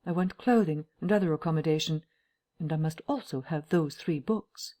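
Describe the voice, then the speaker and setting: An audiobook narrator voicing the invisible scientist, a grown man who speaks in a low, measured, guarded way. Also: warm tone, natural voice. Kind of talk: audiobook character voice.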